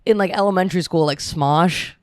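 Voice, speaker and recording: A young woman telling stories in casual chat, rambling with lots of fillers and slipping into quick put-on voices. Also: on the low side, a little mellow, no echo, studio quality.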